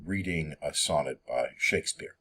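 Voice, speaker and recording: A man giving a poetry lesson, reading verse slowly and filling his explanations with ums and uhs. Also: rumbling low, sharp tone, breathy edge. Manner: hesitant, many ums and uhs; slow, measured reading of verse. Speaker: teacher. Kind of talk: poetry lecture.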